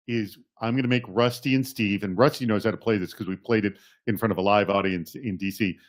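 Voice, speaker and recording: Guy hosting a live webcast, upbeat and rambly, fixes his own slips. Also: lowish voice. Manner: energetic, rambling, self-correcting. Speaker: host.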